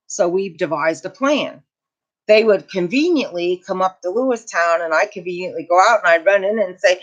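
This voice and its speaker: A woman's voice: on the low side, normal speed. A middle-aged woman hosting a casual livestream, telling a family story with emotion and indignation and answering viewer comments. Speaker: channel host. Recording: dull lo-fi home recording.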